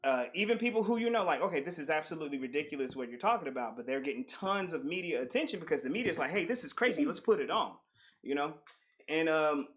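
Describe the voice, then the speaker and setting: A man's voice: on the high side, lively intonation, fast talker, fairly bright tone. A young adult man co-hosting a casual podcast, rambling and full of "like". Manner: rambling, heavy use of "like". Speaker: podcast co-host. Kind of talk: casual group chat.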